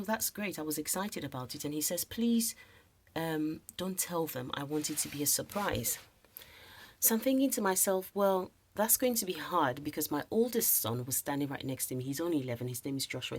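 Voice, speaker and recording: A woman telling a personal faith story late at night while unable to sleep, speaking earnestly and sometimes dropping to a hushed whisper. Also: sits low. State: sleepless in the small hours. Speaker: women's ministry speaker.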